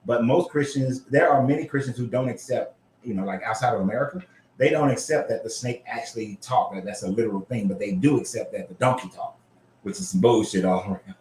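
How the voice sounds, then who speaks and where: A man hosting a casual commentary show, reading scripture aloud and reacting in an animated, profane way. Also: mid-range voice, a little fast, roomy sound, a little hiss or hum. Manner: animated, profane, frequently laughing. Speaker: host.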